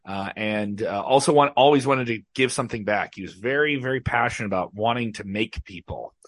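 A man's voice: on the low side, brisk, no echo. A man talking passionately and emphatically as a guest in casual podcast chat.

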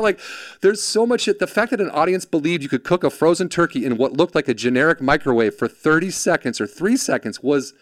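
A man's voice: on the high side, animated, fairly quick, no room sound, studio quality. A man telling a story in casual chat, acting out quoted voices, swearing freely and jumping between characters. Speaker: podcast guest, former production assistant.

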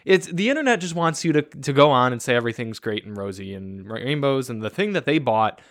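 A man's voice: mid-range voice, sing-song, brisk, no echo, clean studio sound. A man co-hosting a car podcast, talking in a chatty, opinionated way about reviews. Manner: chatty, opinionated, lots of "like" fillers. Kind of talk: casual chat about cars.

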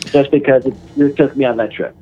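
A man's voice: mid-range voice, steady tone, a little fast, mellow, slight background noise. A man calling in to a podcast, stumbling and repeating words as he speaks. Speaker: caller. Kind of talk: casual call-in chat. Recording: tinny phone line.

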